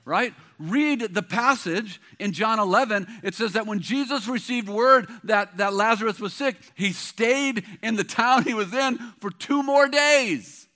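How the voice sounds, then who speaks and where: Middle-aged pastor guy preaching, high bright voice, keeps hammering the same phrases. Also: measured pace, few pauses. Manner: emphatic, repetitive preaching cadence. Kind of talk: sermon.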